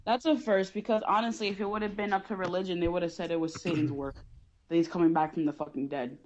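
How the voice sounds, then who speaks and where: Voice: mid-range voice, steady tone, quick pace, dull audio. A podcast co-host in casual chat, talking bluntly with profane jokes. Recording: noisy podcast recording.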